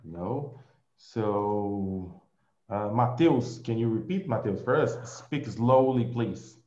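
A male English teacher with a Brazilian Portuguese accent, leading an online group class slowly and patiently, repeating his praise. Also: lowish voice, animated, mellow, roomy sound, lo-fi sound.

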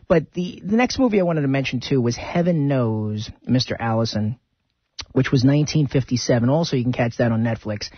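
Male radio host, chatty and rambling, slightly husky, muffled dry sound. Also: medium pitch, no room sound. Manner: rambling, chatty, retells film scenes. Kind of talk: casual radio talk.

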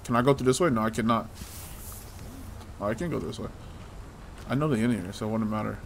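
A gameplay streamer gives loose, casual commentary as he plays, talking to himself, teasing the hero, and swearing often. His voice is lowish and brisk with vocal fry, and there's a little hiss or hum in the audio.

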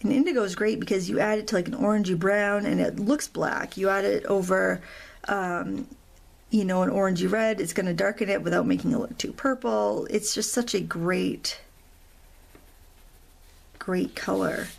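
A middle-aged woman talks through a coloring tutorial in a loose, chatty way, drifting into self-deprecating asides. Her voice has a gravelly fry at a middle pitch. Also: moderate pace. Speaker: craft tutorial host. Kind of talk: real-time coloring tutorial.

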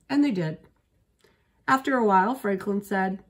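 A woman reading a children's picture book aloud as a storyteller, steady and expressive. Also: medium pitch, measured pace.

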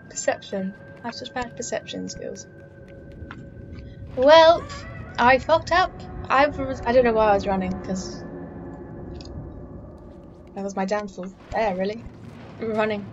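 This let's play gamer has a voice on the high side and speaks unhurriedly, leaving long pauses. She narrates her game casually to herself, swearing and exclaiming a lot. Steady background noise runs under a dull lo-fi mic.

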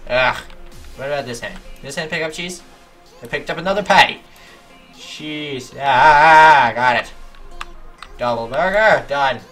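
A man giving animated let's-play commentary, yelping and talking back to the game's characters as he plays. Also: medium pitch, measured pace, pauses often, faint music behind. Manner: animated, yelps at game characters. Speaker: gaming YouTuber.

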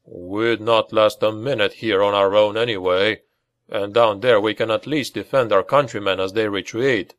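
A man playing a proud, composed male baron who leads knights, speaking with steady, commanding authority. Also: medium pitch, moderate pace, no room sound, natural voice. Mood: resolute.

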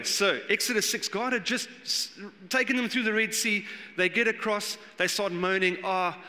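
A man preaching a sermon as pastor, animated and acting out the voices he quotes. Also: sits high. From South Africa. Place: church hall. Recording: long church hall reverb.

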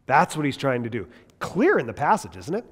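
A man teaching a Bible class in a lively, conversational way, asking his listeners questions as he goes. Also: medium pitch, fairly quick, long reverb tail. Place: large classroom or hall.

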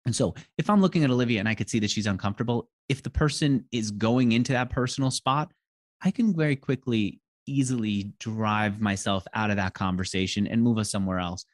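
A man in his forties, a podcast guest, talking casually and acting out quoted dialogue with lively storytelling. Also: fairly low pitch. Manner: animated, acts out quoted dialogue, tells stories fast. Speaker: podcast guest, interviewer and author. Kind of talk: casual conversation.

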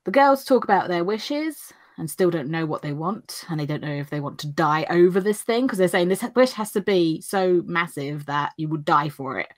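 Woman, casual recap chat, chatty, laughs often, lowish voice. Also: expressive, normal speed, few pauses. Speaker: podcast co-host recapping anime.

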